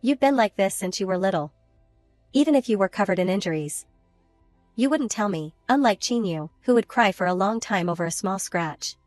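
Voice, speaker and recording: A woman reading a gentle old grandmother. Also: mid-range voice, animated, normal speed, no room sound, faint music behind, natural voice. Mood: tender. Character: older grandmother, gentle and loving.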